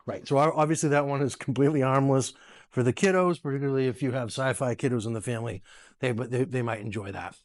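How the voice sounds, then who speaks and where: A man hosting a casual tech video, chatty and quick to laugh, giving voice commands to smart speakers at home. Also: medium pitch. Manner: chatty, laughs often, restarts phrases.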